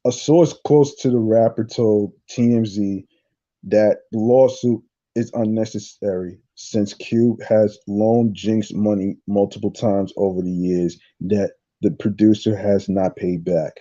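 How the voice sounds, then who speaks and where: A man hosting a casual solo podcast, reading news aloud haltingly, repeating words and adding his own reactions. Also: fairly low pitch, steady tone, warm tone, highs cut off. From New York. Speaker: podcast host.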